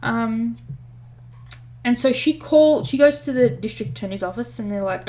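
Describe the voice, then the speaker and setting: A woman's voice: on the high side, expressive, moderate pace, warm tone. A woman co-hosting a podcast, retelling a story in casual chat with many fillers and self-corrections. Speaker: podcast co-host.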